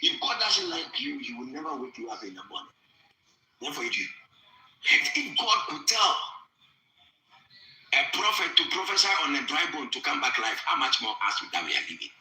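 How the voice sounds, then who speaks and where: A man's voice: on the high side, big pitch swings, moderate pace, long pauses, pushed and bright, roomy sound, poor audio. A man preaching fervently on a podcast, repeating his phrases and switching into Twi. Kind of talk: preaching in talk.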